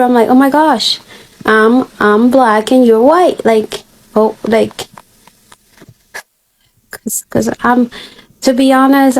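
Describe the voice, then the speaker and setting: A woman's voice: mid-range voice, gravelly, a little mellow, low-quality recording. A woman from Kenya chatting casually in a reaction, rambling with many restarts. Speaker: video reactor.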